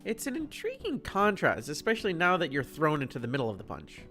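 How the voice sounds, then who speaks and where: Narrator, playful story reading, lively pitch. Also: fast, soft background music. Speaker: narrator and streamer. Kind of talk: reading a fan story aloud.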